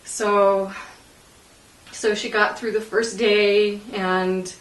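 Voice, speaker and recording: A woman interviewee recalling a painful memory, halting and emotional, with many fillers and laughing through tears. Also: medium pitch, little pitch movement. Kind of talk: personal recollection in an interview. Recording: roomy, distant mic.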